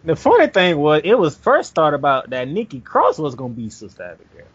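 A man hosting a podcast, talking in a lively, animated way and plugging his shows. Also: a little high, fairly quick, husky, no room sound, dull audio. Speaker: podcast host. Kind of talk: casual podcast chat.

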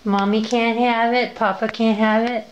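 A woman's voice: fairly high pitch, lo-fi sound, lightly acted. Woman voicing a stubborn pet dog guarding her bone. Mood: possessive. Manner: slow, stubborn, drawling. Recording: home recording with steady background noise.

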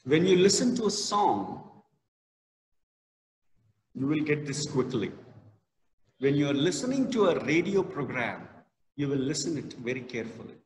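A male college lecturer gives a classroom lesson, talking slowly and leaning hard on key words. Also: a little high, big pitch swings. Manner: slow, emphatic, stresses key words. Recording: echoey hall, reverberant.

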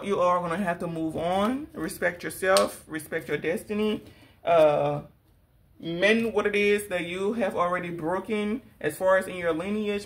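Sassy scolding woman tarot reader. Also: lowish voice. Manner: sassy, scolding, animated, laughs often; addresses the viewer as girl. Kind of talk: spiritual tarot reading vlog.

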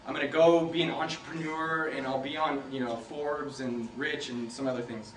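A young man from San Jose, California, speaks at normal speed in a fairly even, somewhat high voice, telling loose, joking stories in a casual storytelling talk to a room of students. He laughs often and swears freely. The recording is roomy and distant, with faint hiss.

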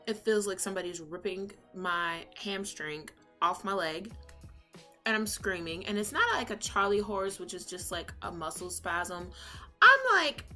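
A young adult woman telling a story in a casual, animated way while doing her makeup, swinging from calm to loud, excited retelling. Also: mid-range voice. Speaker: beauty vlogger.

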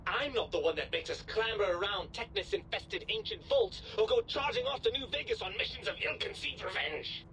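Snide British-sounding disembodied brain. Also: male voice, sits high, big pitch swings, brisk, hardly any pauses, sharp tone, slight background noise, heavily acted, low-quality recording. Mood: lecturing. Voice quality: snide, arch, sarcastic. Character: condescending, pompous male disembodied brain.

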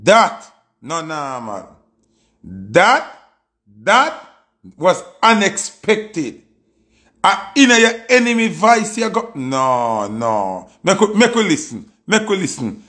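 A Jamaican man hosting an excited music reaction, exclamatory and swearing freely. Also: high voice, slow.

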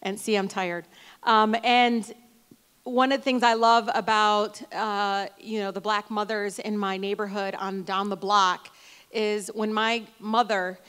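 A woman in her forties from Detroit giving a convention speech, telling family stories with animated, emphatic peaks. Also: medium pitch, measured pace. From Detroit, Michigan. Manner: storytelling, animated, rising to loud emphatic peaks. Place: large hall. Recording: smooth voice with long hall reverb.

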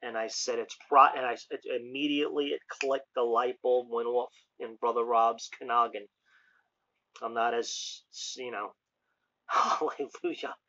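A man's voice: medium pitch, measured pace. A man sharing an impassioned testimony, acting out the dialogue as he tells it. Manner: animated storyteller who acts out the dialogue. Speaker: street preacher and online ministry host. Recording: lo-fi dull sound.

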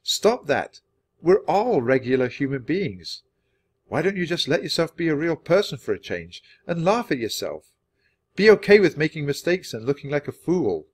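Man doing a steady young boy, sincere, a bit raised, storybook read-aloud. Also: fairly high pitch, normal speed, breathy edge, voice pushed up. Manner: calm, earnest, reasoning.

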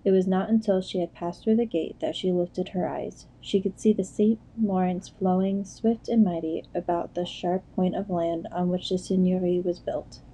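A woman narrating an audiobook in a measured storytelling manner. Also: on the low side, steady tone, warm tone, slightly rough, poor audio. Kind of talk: scripted narration.

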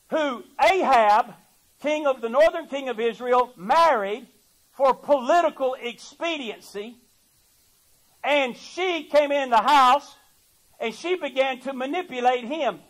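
A man's voice: very high-pitched, fairly bright tone, poor audio. A man preaching a sermon, emphatic and folksy, repeating words as he builds his point. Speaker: pastor.

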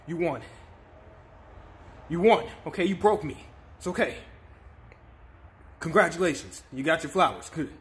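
Fairly high and fairly bright, this young man's voice moves at a moderate pace broken by long pauses. Vlogging to camera through a spicy chip challenge, he's sniffling and hurting, repeating short desperate pleas.

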